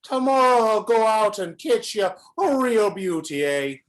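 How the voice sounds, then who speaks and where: An actor playing a jovial, boastful police inspector in an amateur radio play. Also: male voice, sits high, very animated, measured pace. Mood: hearty.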